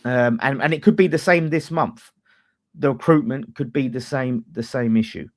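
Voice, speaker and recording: A man's voice: medium pitch, moderate pace. A man, hosting a fan channel and arguing about football in a casual, sweary debate. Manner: animated, swears freely, talks over others.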